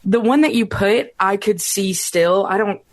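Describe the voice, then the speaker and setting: A woman co-hosting a podcast, asking questions in a giggly, halting way without a regional accent. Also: mid-range voice, no room sound. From Alabama. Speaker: podcast co-host. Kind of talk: casual podcast interview.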